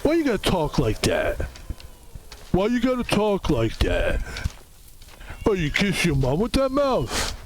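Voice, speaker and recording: A man's voice: high voice, wildly swooping pitch, measured pace, long pauses, a little hiss or hum, voice pushed up, full character voice. A man putting on a swaggering street-tough boxer impression in a thick drawl. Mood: scolding.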